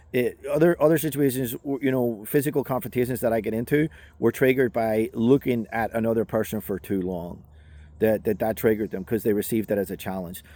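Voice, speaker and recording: A man's voice: mid-range voice, dark tone, no room sound. Northern Irish man telling a story. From Northern Ireland. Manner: conversational, many fillers and restarts. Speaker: self-defense instructor. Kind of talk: casual storytelling.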